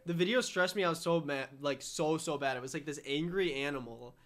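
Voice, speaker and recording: A man's voice: a little high, a little fast, a bit bright. A young man chatting casually with friends, rambling and laughing as he acts out scenes. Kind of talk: casual chat among friends.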